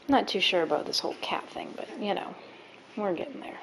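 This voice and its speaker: A woman's voice: on the low side, a little fast, gravelly, fairly bright tone, slight background noise, poor audio. A woman filming her young son at home, narrating and coaxing him and a cat in a sing-song voice. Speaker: mother filming her child. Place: at home with a couch.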